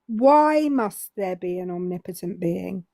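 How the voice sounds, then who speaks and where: This English co-host in her forties has a low-leaning, warm, creaky voice that sounds animated yet unhurried. With her British accent, she grills a caller with pointed questions during a live call-in debate, captured in a dry recording.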